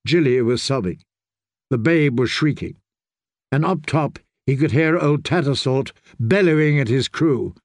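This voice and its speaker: A man reading a novel aloud as a steady, measured audiobook narrator. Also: mid-range voice, no echo, studio quality. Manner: slow, steady storytelling. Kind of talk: scripted narration.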